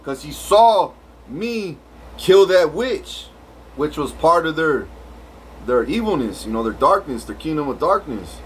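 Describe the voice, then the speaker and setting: A man rambles through a long story in a profane, street-casual way, tripping over restarts and fillers. His voice sits a touch higher than most men's. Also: big pitch swings, a little slow, a little hiss or hum, low-quality recording. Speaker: vlogger.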